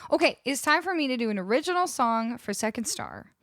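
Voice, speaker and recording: A woman singer-songwriter chatting casually with her live viewers, bubbly and effusive and quick to laugh, on a close studio mic. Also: high voice, sing-song, fairly bright tone, dry recording. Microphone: close studio microphone.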